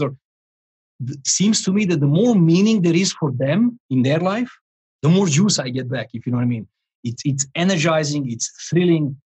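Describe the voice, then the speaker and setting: This fairly high, breathy voice belongs to a man in his forties, a life coach sharing a story in a podcast interview. He's animated and rambling, with frequent restarts and chuckles, and the audio is poor.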